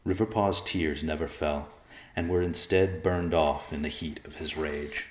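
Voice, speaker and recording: Deep-voiced man narrating a fantasy story. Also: fairly even intonation, a little slow, roomy sound. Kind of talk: audiobook narration.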